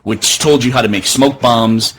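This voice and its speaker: A man's voice: medium pitch, moderate pace, a little hiss or hum. A man, a podcast host, telling comic stories in casual chat, acting out quotes and laughing through his lines. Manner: animated, laughs mid-sentence, acts out quotes.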